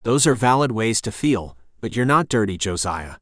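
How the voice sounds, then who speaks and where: A man voicing a caring, patient man who speaks gently and reassuringly in an audiobook. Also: fairly low pitch, very animated, normal speed, no room sound, studio quality. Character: caring, patient man comforting his partner.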